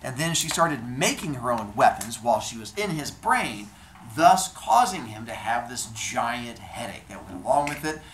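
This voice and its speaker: A man telling a comic myth in an animated, playful way, hosting his show. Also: mid-range voice, normal speed, slight background noise. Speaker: storyteller host. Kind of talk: comic storytelling. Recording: roomy echo.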